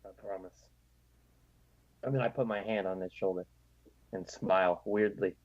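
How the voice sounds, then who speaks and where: A man's voice: fairly low pitch, steady tone, brisk, no echo, highs cut off. A man playing at a tabletop game table, making wry jokes about his character. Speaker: player. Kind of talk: casual game table chat.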